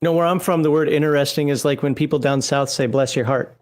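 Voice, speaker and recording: A man from Michigan's Upper Peninsula on a casual panel, teasing the others with quick jokes. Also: on the high side, fairly even intonation.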